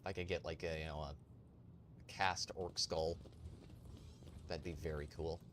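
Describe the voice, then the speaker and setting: A man's voice: a bass voice, steady tone, a little slow, fairly bright tone, slight background noise. A man streaming a role-playing game, reading game logs aloud and commenting casually, with the odd swear word. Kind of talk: casual let's-play commentary.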